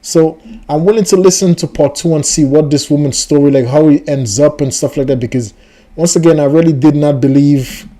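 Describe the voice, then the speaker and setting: A man's voice: fairly high pitch, a little fast, mellow. A man hosting a reaction video, commenting on a story in a rambling, incredulous and chatty way.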